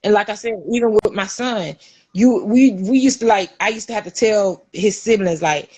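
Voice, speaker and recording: Animated middle-aged woman telling a story. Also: mid-range voice, normal speed, breathy edge. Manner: animated storytelling, acts out quoted voices. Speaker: podcast host. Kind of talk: casual chat.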